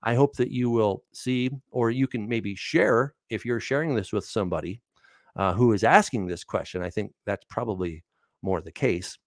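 A man's voice: fairly low pitch, moderate pace, dry recording. A man answering viewers' Bible questions in a casual, conversational way, reading verses aloud and asking his listeners rhetorical questions. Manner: animated and conversational, with frequent "all right" and "right?".

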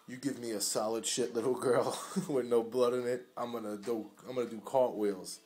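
A man filming at home, talking tenderly and coaxingly to his sick dog in soft baby talk that often drops to a murmur. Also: medium pitch, steady tone, moderate pace, few pauses. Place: at home indoors.

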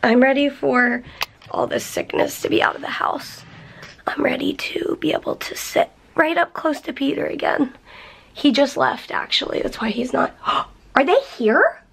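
A woman vlogging casually at home, emotional and soft-spoken, near tears. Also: high-pitched, moderate pace, vocal fry, husky. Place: at home indoors.

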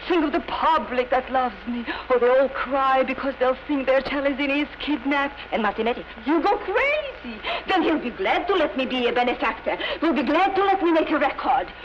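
An actress playing a vain, excitable opera diva with theatrical outbursts, in 1930s screwball film style. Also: female voice, high voice, moderate pace. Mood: scheming. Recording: scratchy, muffled 1930s film soundtrack.

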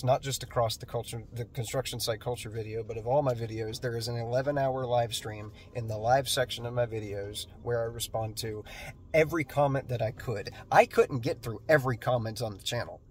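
A man's voice: mid-range voice, fairly even intonation, brisk, a little hiss or hum. A man who works as an electrician, talking to camera about his job in a plain, earnest way, with a nasal voice and a self-deprecating streak. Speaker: electrician and video creator. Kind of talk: casual vlog talk to camera. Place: on a construction job site during lunch break.

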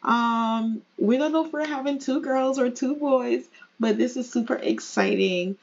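A woman giving chatty, excitable commentary as she plays a life-simulation game. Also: a little high, measured pace, dull audio. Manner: chatty, excitable, laughing asides. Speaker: gaming creator. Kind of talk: casual gameplay commentary.

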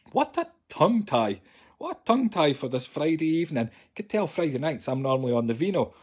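A man talks into his phone from the sofa at home, cheeky and full of jokes as he chats with viewers live. His voice sits a touch high, with a husky, breathy edge. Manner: cheeky, chatty, jokey. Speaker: psychic medium. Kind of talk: casual live-stream chat.

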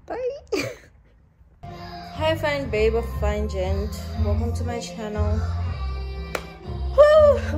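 Girl in her 20s vlogging on her phone, slow and rambly, music playing underneath. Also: medium pitch. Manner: soft, rambling, full of fillers. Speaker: mom vlogger. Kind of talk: casual vlog chat. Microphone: phone camera. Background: background music.

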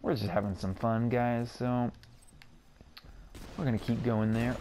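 A young man talks through a video game in an unhurried, drawn-out way, his pitch sitting at an ordinary middle level. He rambles and restarts, tripping over and repeating his words. Game music plays clearly behind him. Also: flat delivery, warm tone. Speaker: gaming streamer. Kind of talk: casual gameplay commentary.

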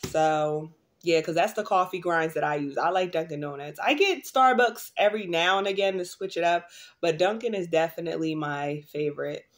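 A woman's voice: on the low side, normal speed. A woman vlogging in a casual, rambling way, full of fillers and restarts, in a tired, groggy morning voice. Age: adult mother. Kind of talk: casual vlog chat.

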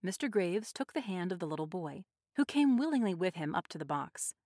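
Woman narrator, expressive and measured, low and lively, dry studio sound. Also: no room sound. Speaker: audiobook narrator. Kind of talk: scripted story narration.

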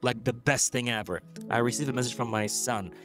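Casual, earnest bahraini guy in his 30s, mid-pitched voice, tells stories with lots of life. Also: a little fast, faint music behind. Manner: earnest, animated storyteller who acts out quotes. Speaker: esports MC and event host. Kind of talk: casual podcast interview.

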